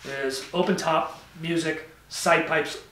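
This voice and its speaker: A man's voice: a little high, fairly even intonation, slow pace, sharp tone. Casual man talking cars, roomy and distant. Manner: casual, rambling, self-correcting. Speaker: car channel host. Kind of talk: casual car review talk.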